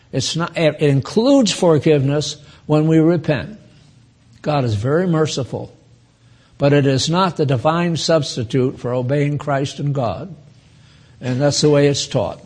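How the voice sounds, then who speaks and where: Slow husky man in his nineties. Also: a little high, darkish tone. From United States. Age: 90s. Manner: slow, chatty, asides to listeners. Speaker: Bible teacher. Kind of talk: informal Bible teaching.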